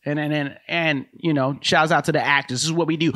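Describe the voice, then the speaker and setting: A man's voice: a little high, steady tone, a little fast, hardly any pauses, a bit bright, no room sound, studio quality. A man hosting a podcast, riffing comedically in a rambling way with lots of slang and laughter.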